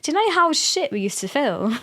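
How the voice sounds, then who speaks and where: A woman's voice: high-pitched, sing-song, moderate pace, a bit bright. Laughing, swearing young woman on a podcast. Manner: laughs often, swears, acts out her mother in quotes. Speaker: podcast guest. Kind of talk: casual podcast chat.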